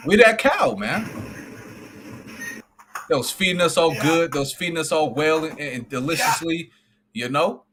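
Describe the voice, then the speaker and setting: A man's voice: fairly high pitch, expressive, measured pace, pauses often, noisy background. A man co-hosting a casual Bible discussion, reading verses aloud, then riffing on them in loose slang. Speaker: co-host reading scripture.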